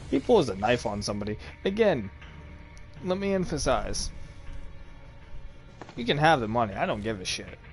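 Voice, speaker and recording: Casual male storyteller, animated, acts out quotes, mid-pitched, faint music under him. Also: normal speed, pauses often. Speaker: co-host telling a story.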